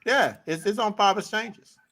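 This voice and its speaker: A man as a guest on a casual podcast chat, matter-of-fact and quick to correct details. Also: sits high, a bit bright.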